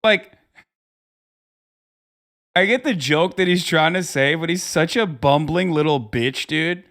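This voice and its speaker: Streamer in his thirties, reacting with profanity and exasperation; higher-pitched voice. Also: unhurried, fairly bright tone. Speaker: livestream host. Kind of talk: reaction commentary.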